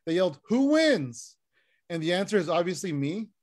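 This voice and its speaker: A man performing a stand-up set over a video call, deadpan one-liners with frequent "uh" fillers. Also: high voice, racing. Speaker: stand-up comic.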